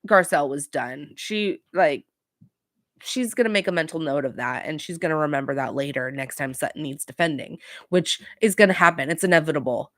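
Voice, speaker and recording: A woman's voice: sits low, fairly quick, a bit bright, dry recording, studio quality. A young adult woman hosting a casual podcast, recapping reality TV in a chatty, gossipy way with sarcastic asides. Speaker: podcast host.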